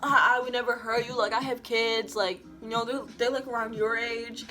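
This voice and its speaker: A woman's voice: fairly high pitch, fairly even intonation, moderate pace, sharp tone, soft background music. A woman quoting a rambling, pushy man who keeps repeating himself.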